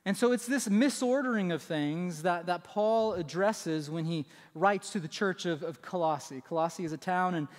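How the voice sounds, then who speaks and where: A man's voice: high voice, normal speed, few pauses, big-room sound. A man preaching a sermon as pastor, talking conversationally to his church and often checking in with "right?". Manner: conversational, asks "right?" often, restarts phrases. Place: church sanctuary.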